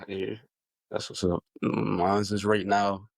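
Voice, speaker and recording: A man's voice: on the low side, flat delivery, slow, vocal fry, no room sound. A man hosting a podcast interview, asking loose conversational questions with many fillers. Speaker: podcast host.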